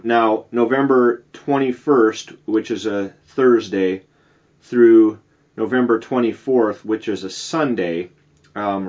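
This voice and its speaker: A man's voice: lowish voice, a little mellow, muffled recording. A man co-hosting a podcast, chatting casually and rambling through stories with many "like"s. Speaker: podcast co-host. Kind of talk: casual chat.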